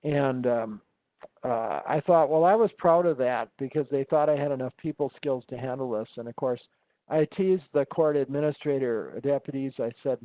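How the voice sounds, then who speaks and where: A man's voice: medium pitch, moderate pace, dry recording. Man on a tinny, phone-like line. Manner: rambling storyteller, many ums and restarts. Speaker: instructor. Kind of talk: casual conversation.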